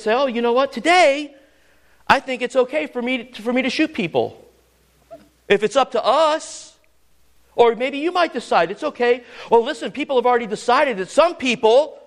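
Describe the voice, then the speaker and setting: Delivering a sermon, this middle-aged preacher keeps urging the congregation with "listen" and "ready?", his delivery lurching from thunderous declarations to quiet asides.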